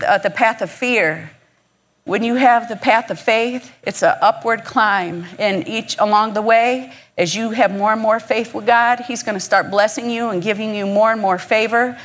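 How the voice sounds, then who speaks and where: At a conference, a woman from Michigan, USA, gives an inspirational faith talk that is heartfelt and encouraging, delivered conversationally. Her voice is at a medium pitch.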